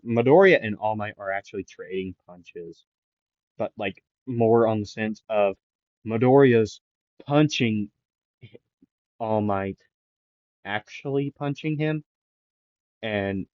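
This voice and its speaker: A man making up an anime fan-fiction story out loud, rambling with lots of fillers and self-corrections. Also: on the low side, takes it slowly, pauses often, no room sound. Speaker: anime YouTuber. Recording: dull lo-fi dry mic.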